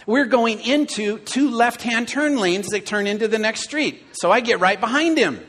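A middle-aged man preaching a sermon to his church, telling stories with animated, acted-out inner dialogue. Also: high voice, normal speed. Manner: animated storytelling, acting out his own inner voice. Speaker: pastor.

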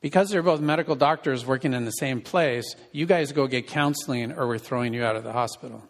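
A man with a medium-pitched, brisk voice preaches a sermon as a pastor and counselor. His style is conversational, and he puts questions to the congregation, heard in a reverberant hall.

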